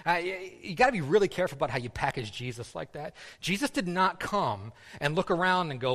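In a hall with a long, trailing reverb, a man delivers a sermon in a relaxed, chatty style full of repeated words and fillers. His voice is fairly high and fairly bright, with lively intonation, and he talks fairly quickly with few pauses.

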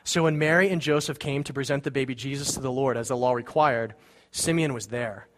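A man's voice: medium pitch, fairly quick, slight background noise. A man preaching a sermon as pastor, earnest and building to fervent emphasis, with casual asides in a church sanctuary.

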